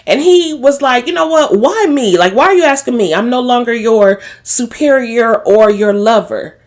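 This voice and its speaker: A woman recaps a drama episode in a casual, gossipy way. Her voice sits a little high and leaps around animatedly, and she drops into the characters' quoted lines and laughs along the way. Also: expressive, moderate pace. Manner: gossipy, laughs while talking. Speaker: show recap host.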